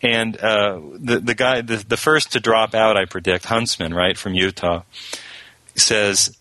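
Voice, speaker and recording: Sardonic low-voiced male radio guest. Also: steady tone, normal speed, sharp tone, no echo, rough recording. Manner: sardonic, mocking impressions of politicians. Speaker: show guest. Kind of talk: political talk radio chat.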